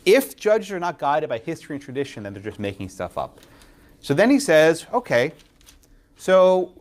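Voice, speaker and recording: A man's voice: fairly high pitch, normal speed. Law prof guy lecturing, voice jumps up and down a lot, keeps asking "right?". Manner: lively, quizzes students, frequent tag questions. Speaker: law professor. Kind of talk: classroom lecture. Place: lecture classroom.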